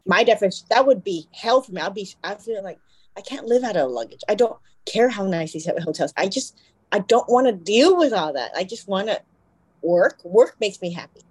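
A woman's voice: mid-range voice, moderate pace, slightly rough, no room sound, rough recording. A young woman co-hosting a podcast in casual chat, rambling and correcting herself as she goes. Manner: rambling, self-correcting, animated quoting. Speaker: podcast co-host.

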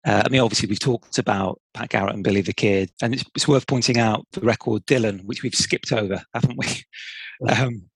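A middle-aged man, chatting as a podcast co-host. His voice is a little husky and sounds close and dry. He talks in a loose, hesitant way, full of restarts and fillers. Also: lowish voice, a little fast, dry recording, rough recording. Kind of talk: casual chat.

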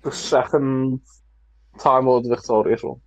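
A man's voice: mid-range voice, steady tone, measured pace, no room sound. A man co-hosting a casual podcast chat, insistent and repeating himself. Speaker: podcast co-host. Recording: dull lo-fi sound.

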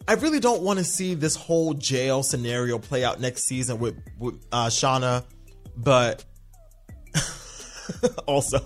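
A man's voice: mid-range voice, a bit bright. A man hosting a podcast, recapping a TV episode in a casual, sassy monologue, often slipping into mocking voices. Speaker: podcast host.

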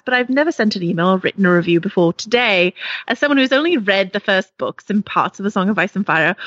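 A woman's voice: medium pitch, a bit bright, dry recording. A woman putting on a British accent to read out a listener's fan review in a theatrical, mock-formal way. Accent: British, put on. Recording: slightly dull, dry sound.

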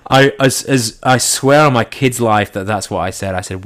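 A man telling a first-person anecdote in an animated way, acting out his own lines and his friends' lines as he goes. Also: mid-range voice, normal speed, slight background noise. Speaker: storyteller.

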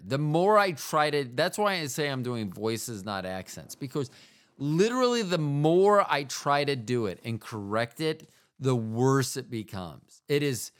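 A man's voice: medium pitch, fairly bright tone, clean tone. A man from the United States hosting a podcast, talking in a meandering, self-mocking monologue that keeps trailing off into asides. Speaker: podcast host. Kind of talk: rambling casual monologue.

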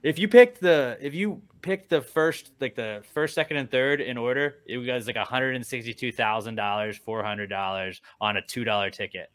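A man hosting a casual podcast chat, telling animated stories, swearing freely and acting out quotes. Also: medium pitch, moderate pace, few pauses, dry recording. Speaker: radio morning show host.

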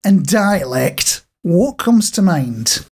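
A man's voice: high-pitched, very animated, slow pace, a little mellow. A Scottish man co-hosting a podcast, chatting casually and teasing his co-host with quiz questions. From Scotland. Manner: joking, teasing quizmaster. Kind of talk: casual chat. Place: home recording in Nottinghamshire.

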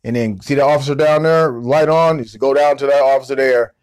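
A man voicing a young male police officer at a roadside stop, asking short, halting questions. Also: mid-range voice, darkish tone, natural voice. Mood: questioning.

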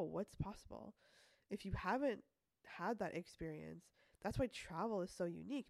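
A woman's voice: on the low side, vocal fry, warm tone, no echo, studio quality. A woman hosting a casual self-help podcast, talking in a chatty way, laughing often and acting out little quoted voices. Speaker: podcast host.

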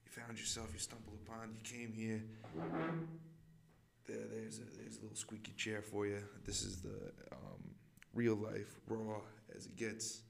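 A man's voice: fairly low pitch, monotone, measured pace, vocal fry, a little hiss or hum. A man hosting a comedic podcast outdoors on a college campus, rambling with lots of fillers and repeats. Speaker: podcast host.

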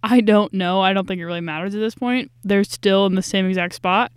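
Young woman, podcast host, chatty and slangy, tired, smooth mid voice, dry closet recording. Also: medium pitch, fairly even intonation, a little fast, no room sound. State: tired and stressed. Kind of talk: casual food review podcast. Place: small closet. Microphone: podcast microphone.

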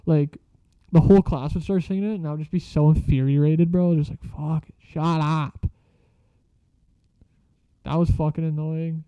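Young man, casual vlog storyteller, swears constantly, slangy and rambling, slightly raised pitch, dry muffled lo-fi sound. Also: steady tone, a little fast, mellow, smooth, no room sound.

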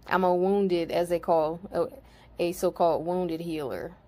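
A woman's voice: fairly low pitch, steady tone, measured pace, darkish tone. A woman spiritual card reader and healer talking casually to her viewers, blunt and profane, growing heated and preachy.

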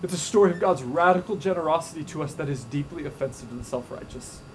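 A male pastor preaching a sermon to a congregation, animated and playful, acting out the voices in his stories. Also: a little high, fast, a little hiss or hum. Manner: animated, acts out quoted voices with humor. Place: church stage before a congregation.

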